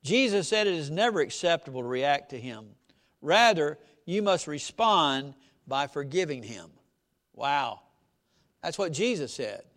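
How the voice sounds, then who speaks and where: A man delivers a sermon in a church, his voice pitched high for a man. He preaches in a folksy, conversational way, tossing rhetorical questions at the congregation. His pitch leaps up and down all the way through. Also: big pitch swings, a little slow, a bit bright. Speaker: pastor.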